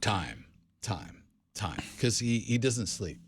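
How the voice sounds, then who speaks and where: A fairly low-voiced man chatting on a podcast. He tells stories loosely, restarting sentences and dropping in "like" and "dude" as he goes. His tone stays casual and easygoing. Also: big pitch swings, slow pace, breathy edge. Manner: rambling storyteller, many restarts, says "dude" and "like". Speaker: podcast co-host. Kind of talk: casual chat.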